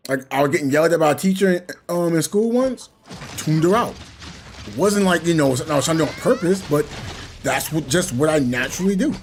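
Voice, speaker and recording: There's slight background noise as a young gaming host speaks quickly and animatedly in a fairly high voice. His talk while playing is casual and reflective, full of rambling and little chuckles.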